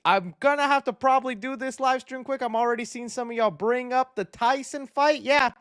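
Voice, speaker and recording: A man's voice: very high voice, a little fast, a bit bright, smooth, no room sound, clean studio sound. A man hosting a movie news livestream, chatting with viewers in upbeat, slangy, jokey banter. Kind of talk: casual live-stream chat.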